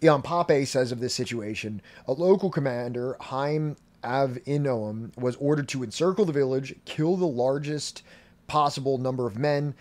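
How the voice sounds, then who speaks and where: Male podcast host, mid pitch, reads source text then riffs casually with "like" and "you know". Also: moderate pace, darkish tone. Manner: reads passages aloud then explains them loosely with fillers. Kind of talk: casual history podcast commentary.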